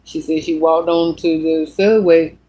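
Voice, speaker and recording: A woman with a deep voice speaks at a measured pace in a casual vlog monologue, telling a story. Animated and blunt, she cusses freely along the way.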